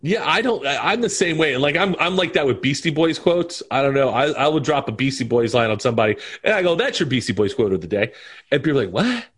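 A man's voice: medium pitch, expressive, quick pace, a bit bright, slightly rough. A man in his forties chatting casually as a podcast guest, rambling through stories and tossing out movie quotes between laughs. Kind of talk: casual chat.

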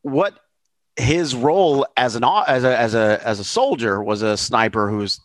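A man's voice: mid-range voice, expressive, normal speed, no room sound, clean studio sound. A man co-hosting a podcast, chatting casually about a film, emphatic and joking, often repeating himself. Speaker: podcast co-host.

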